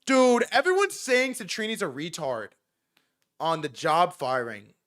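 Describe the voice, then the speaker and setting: A young man doing casual livestream commentary, excitable, swearing often, repeating himself and talking straight to his chat. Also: high voice, unhurried. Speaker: streamer reacting to news.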